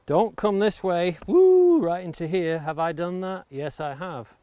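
A man's voice: on the high side, measured pace, darkish tone, a little hiss or hum. A man teaching woodworking outdoors by the coast, explaining each step patiently as he carves with an axe and stressing safety. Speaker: woodworking instructor. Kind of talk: hands-on demonstration. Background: axe chopping clicks.

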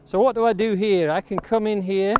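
A man's voice: high-pitched, brisk, background noise. Man demonstrating axe carving outdoors. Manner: steady, patient, safety-minded explaining. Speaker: woodworking instructor. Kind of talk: hands-on demonstration. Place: outdoors near the coast. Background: axe chopping clicks.

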